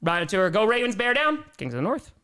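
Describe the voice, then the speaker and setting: A young man hosting a live sports stream, reading out fan donations and messages with energetic, jokey cheering. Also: high voice, a little fast, clear, resonant tone.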